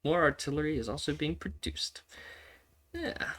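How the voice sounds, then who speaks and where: Man, gaming streamer, casual commentary, sweary, repeats himself, laughs often, middle pitch. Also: unhurried, fairly bright tone.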